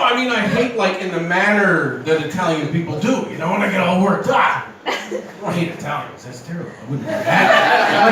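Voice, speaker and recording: A man's voice: high-pitched, lively intonation, normal speed. A man doing a stand-up set, worked up and ranting, swearing freely. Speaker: stand-up comedian. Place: comedy venue with audience. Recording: roomy, distant, noisy venue recording.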